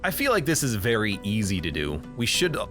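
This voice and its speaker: A man's voice: on the low side, wildly swooping pitch, fairly quick, a bit bright, faint music behind. A man streaming a strategy game, thinking aloud as he plans each move and often correcting himself. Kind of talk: live game commentary.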